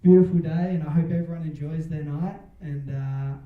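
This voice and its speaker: A man's voice: a little high, fairly even intonation, moderate pace. A man giving a wedding toast, joking and chuckling between lines and telling a story. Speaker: wedding speech giver. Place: wedding reception hall. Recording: distant, roomy, dull-sounding hall.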